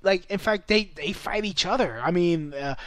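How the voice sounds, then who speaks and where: A man's voice: sits high, normal speed, a bit bright, no echo. A young man ranting in a casual vlog, rambling and profane and breaking into laughter often. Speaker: vlogger.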